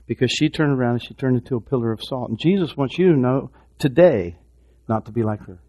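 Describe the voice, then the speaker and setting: A man preaching a sermon, swinging from hushed, repeated words to loud, impassioned exhortation. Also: medium pitch, expressive, quick pace, lo-fi sound. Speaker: pastor.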